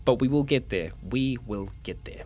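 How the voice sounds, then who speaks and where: A man's voice: mid-range voice, normal speed, darkish tone, soft background music. A young man, chatting casually on a livestream and answering viewer questions, a little tired. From New Zealand. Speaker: streamer.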